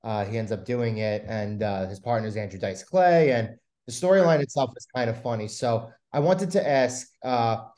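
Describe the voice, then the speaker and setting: A man's voice: mid-range voice, moderate pace, hardly any pauses, a little mellow. A man co-hosting a podcast, asking long, loose questions in a casual chatty way. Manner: chatty, asks rambling questions. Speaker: podcast co-host. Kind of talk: casual interview chat.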